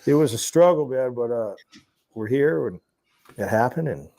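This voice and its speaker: A man telling his life story in an interview, animated and profane, often laughing as he talks. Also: medium pitch, moderate pace, gravelly.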